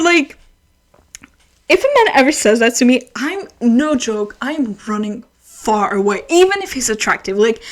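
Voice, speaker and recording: Ranting woman with a higher voice. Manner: ranting, swearing, animated asides. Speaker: book reviewer. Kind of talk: casual book review vlog.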